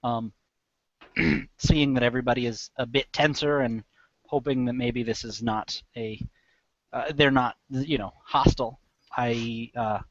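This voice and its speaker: Soft-spoken, hesitant man on a dry mic. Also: medium pitch, fairly even intonation, measured pace, dry recording, lo-fi sound. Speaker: player. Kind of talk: tabletop game play.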